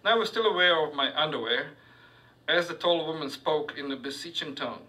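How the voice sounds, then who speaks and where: A man reading his own fiction aloud to a live audience, halting on fillers and adding asides. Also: fairly high pitch, expressive, bright, forceful tone, distant mic, rough recording. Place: university reading hall with audience.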